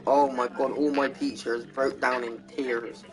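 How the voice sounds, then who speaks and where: A man's voice: mid-range voice, flat delivery, a little slow, rough recording. Man, casual streamer, chatty storyteller, music behind. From England. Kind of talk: casual chat over gameplay.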